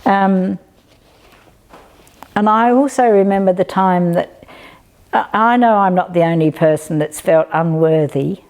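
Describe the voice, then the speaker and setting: An older woman reminisces in an easy, rambling way, with plenty of fillers as she talks. Her voice sits low and carries a gravelly fry. The tone is mellow and dark rather than bright. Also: a little slow, pauses often. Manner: rambling, chatty, with frequent fillers. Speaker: storyteller. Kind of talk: casual spoken reminiscence.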